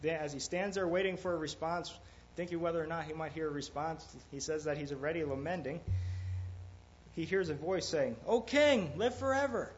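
A man preaching an informal sermon, halting often with fillers and restarts. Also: a little high, steady tone. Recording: dull lo-fi recording with faint noise.

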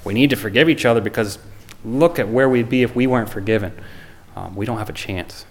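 A man's voice: mid-range voice, brisk. A man preaching a sermon, reading scripture aloud and then talking plainly and earnestly, with frequent ums and restarts, before closing in prayer. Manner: reads scripture aloud in old-fashioned wording.

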